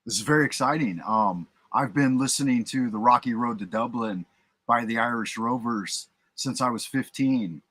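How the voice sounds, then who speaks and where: A man's voice: mid-range voice, normal speed, a bit bright, slight background noise. A man hosting a livestream, chatting casually, joking and swearing. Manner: joking, profane, stumbles over words. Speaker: livestream host. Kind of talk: casual chat.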